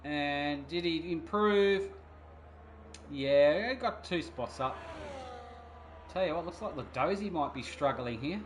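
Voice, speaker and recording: Excitable man commentating sim racing. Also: a little high, slow, pauses often. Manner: excitable, rambling with fillers. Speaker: race commentator. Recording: noisy background of engine sounds. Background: racing car engine noise.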